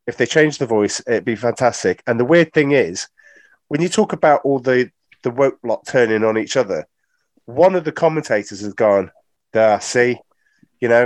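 A man co-hosting a casual panel chat, animated and opinionated, often stumbling over repeated words. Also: mid-range voice, no echo. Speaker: podcast co-host.

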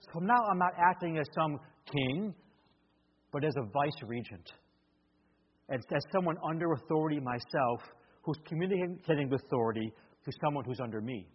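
Preaching to a congregation, a man with a slightly high, husky voice speaks at a normal speed and acts out the voices of parents and children. The recording is muffled and echoes through a large, reverberant hall.

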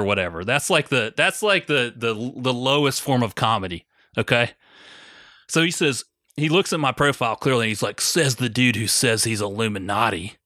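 A young man with a bright, forceful voice chats casually on a podcast and tells profane stories. He mocks people by mimicking their lines. His voice is recorded close and dry. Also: mid-range voice, no room sound. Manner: profane storytelling, mocks others in quoted voices. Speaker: podcast co-host. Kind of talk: casual chat.

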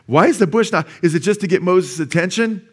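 A man's voice: high-pitched, fairly quick, slightly rough. Conversational man preaching a sermon. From United States. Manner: conversational preaching, asks the congregation "right?" and "amen?". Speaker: pastor.

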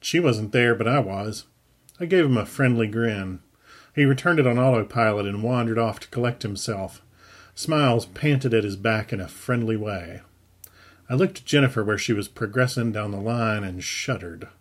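A man reading his own story aloud in a wry, unhurried storytelling manner. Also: fairly low pitch. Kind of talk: audiobook narration.

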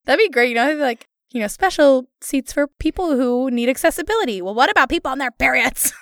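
A woman's voice: high-pitched, expressive, a little fast, a bit bright, no echo, clean studio sound. A young woman co-hosting a podcast in casual chat, playful and laughing often. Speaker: podcast co-host.

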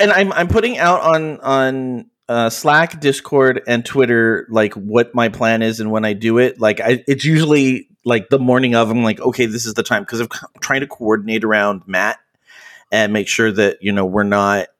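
A man's voice: mid-range voice, normal speed, a bit bright. A man co-hosting a podcast, chatting in an easygoing way and sometimes trailing off mid-thought. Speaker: podcast co-host. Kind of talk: casual chat.

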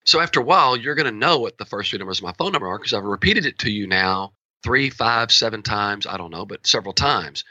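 A man working as a horse trainer, explaining his training methods in an animated, storytelling way and acting out quoted dialogue. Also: lowish voice, quick pace, dry recording, muffled recording.

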